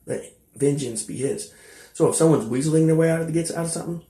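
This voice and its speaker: Young man, gravelly voice, rambling storyteller, echoey room. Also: on the high side, fast talker, mellow. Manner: meandering, full of fillers and asides, blunt. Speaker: vlogger telling his life story.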